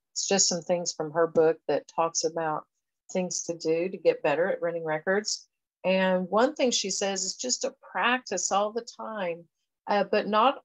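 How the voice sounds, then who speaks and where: A woman's voice: mid-range voice, no echo, poor audio. A woman education professor giving a conversational recorded lecture, explaining things step by step with frequent fillers. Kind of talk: recorded lecture walking through a reading assessment.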